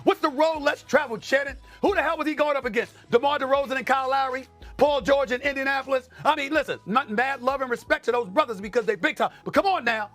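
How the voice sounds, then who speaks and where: A man's voice: very high voice, fast, few pauses, a bit bright, soft background music. A man in a heated sports debate, emphatic and incredulous, repeating phrases for effect.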